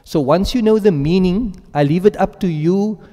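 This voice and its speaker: Speaking in a large hall, this male Quran teacher has a high voice with a dark tone. He explains the lesson one step at a time, checks on his students often, and recites Arabic verb forms in rapid sequences.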